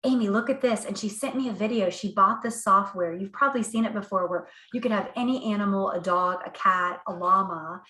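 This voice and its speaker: A woman author telling stories in an interview, animated, with frequent laughs and fillers. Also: mid-range voice, brisk, few pauses. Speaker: author guest. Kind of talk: casual storytelling interview. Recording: echoey room.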